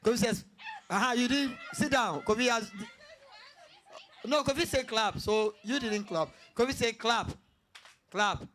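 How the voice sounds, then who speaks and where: A man hosting a crowd game at a public event, barking quick commands into a handheld microphone. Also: extremely high pitch, fairly bright tone, a little hiss or hum. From Ghana. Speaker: event host leading a game. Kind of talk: lively crowd game calling. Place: retail centre event space.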